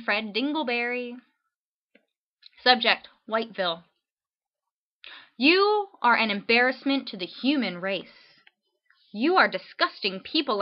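A woman's voice: mid-range voice, highs cut off. A woman reading hostile letters aloud in a dry, mock-serious recitation.

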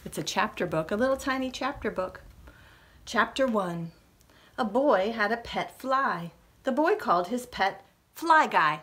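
A middle-aged woman librarian reading a storybook aloud to young children. She speaks slowly and expressively in a slightly high voice, pausing often as she talks to her listeners. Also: animated, a bit bright.

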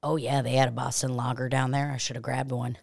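A woman's voice: very deep voice, flat delivery, brisk, gravelly, darkish tone. A woman co-hosting a casual comedy podcast, telling rambling, profane stories and acting out what people said. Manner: profane, rambling storytelling with acted-out quotes. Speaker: podcast co-host.

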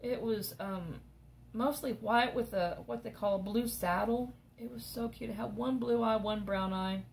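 A woman's voice: a little high, fairly even intonation, unhurried, vocal fry, a little hiss or hum. A woman, chatting casually and rambling through stories as she crafts. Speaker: crafting vlogger. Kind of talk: casual chat while crafting.

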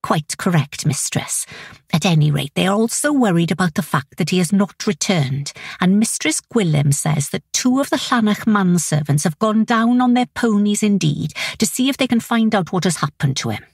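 A woman reading an audiobook, voicing a plain-spoken male farmhand with dialect phrasing and a slow, deliberate delivery. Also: medium pitch, lively intonation, creaky, slightly rough, no echo, clean studio sound, voice pushed down. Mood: worried, reporting.

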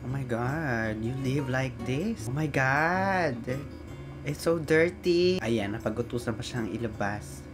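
A woman's voice: extremely low pitch, lively intonation, unhurried, over music. A young Filipino woman with a Filipino accent, reacting to a drama and mixing Tagalog with English. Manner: mixes Tagalog and English, laughs and squeals often. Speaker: reaction vlogger.

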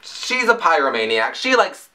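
A man reviewing song lyrics in a casual, jokey way, breaking into high yelps. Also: sing-song, normal speed, sharp tone. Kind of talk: casual comedic commentary.

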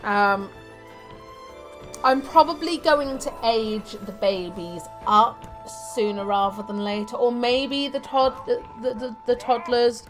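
Young woman chatting slowly thru a live game stream, lots of ums and little laughs. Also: fairly high pitch, soft background music. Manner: chatty, laughs often, thinks aloud with fillers. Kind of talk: live gameplay commentary.

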